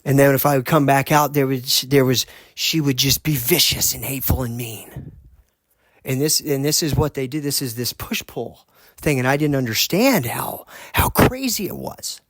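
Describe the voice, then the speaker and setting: A man hosting a podcast, earnestly telling a personal story in a halting way, often restarting his sentences. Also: mid-range voice, no room sound. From United States. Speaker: podcast host.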